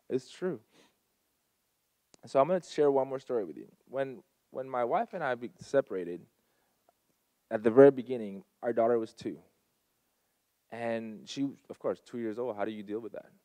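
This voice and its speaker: On a dry recording, a medium-pitched male voice addresses a live audience at a community gathering. His storytelling is personal, heartfelt and earnest, with emphatic shifts in volume.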